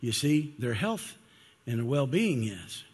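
An older man, a grandfather and pastor, preaching a sermon to his church in an animated way, voicing the people he quotes and calling for responses. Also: mid-range voice, a little slow, slightly rough. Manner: animated, acts out quoted voices, asks for responses. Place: church sanctuary. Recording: long hall reverb.

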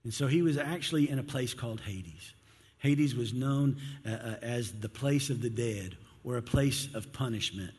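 A man's voice: medium pitch, normal speed, darkish tone, breathy edge. A male pastor preaching a sermon in an earnest, conversational way. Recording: long hall reverb.

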